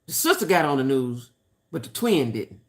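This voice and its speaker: A woman's voice: rumbling low, sing-song, normal speed. An older woman hosting a casual gossip chat, opinionated and chatty, talking straight to her viewers. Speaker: host.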